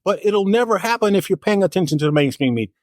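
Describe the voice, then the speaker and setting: A man's voice: high-pitched, animated, fast, a little mellow, no echo, clean studio sound. A middle-aged man, a life coach and author, speaking emphatically and upbeat as a podcast guest. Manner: emphatic, upbeat, repeats key phrases. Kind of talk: podcast interview.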